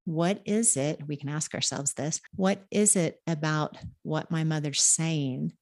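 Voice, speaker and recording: A woman's voice: low-pitched, fairly even intonation, unhurried, a little mellow. A woman guest, an intuitive and medium, talking earnestly and reflectively about life purpose and acting out family voices. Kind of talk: spiritual advice conversation.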